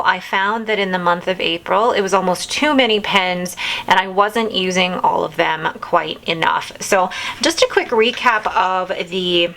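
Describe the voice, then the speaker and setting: A woman's voice: mid-range voice, sharp tone, low-quality recording. A woman in her thirties hosting a casual video, chatting enthusiastically and rambling a little as she talks through her things. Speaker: vlog host. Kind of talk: casual chat.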